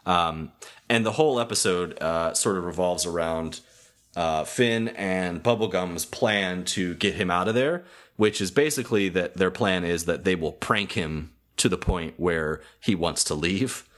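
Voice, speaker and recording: A low-pitched young man talking through a cartoon episode in casual podcast chat. He hedges with ums, restarts his sentences and breaks into chuckles. His delivery is loose and unscripted. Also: a little slow, fairly bright tone. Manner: hesitant, many ums, laughs often. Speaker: podcast host.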